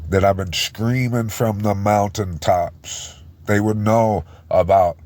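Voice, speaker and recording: Low slow guy preaching, choked up, keeps stumbling and restarting. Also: steady tone, darkish tone. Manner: halting, repeats and restarts words. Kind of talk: informal sermon.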